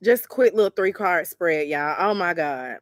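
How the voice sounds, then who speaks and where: Laughing woman tarot reader, very animated. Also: on the low side, a little slow, no room sound, studio quality. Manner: laughing hard, wheezing. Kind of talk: casual livestream chat.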